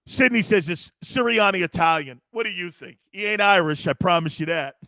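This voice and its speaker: A male sports talk host with a high-pitched voice. He talks in an animated, joking way. The sound is dry and close, with no room echo. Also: fairly quick. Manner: animated, joking, often laughing. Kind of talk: casual sports radio talk.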